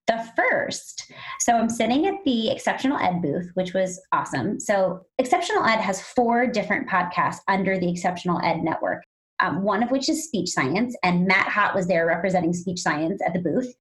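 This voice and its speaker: A woman co-hosting a podcast, telling stories in a casual, animated way and acting out the people she quotes. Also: medium pitch, moderate pace, poor audio. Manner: animated storyteller, acts out quoted voices. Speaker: podcast co-host.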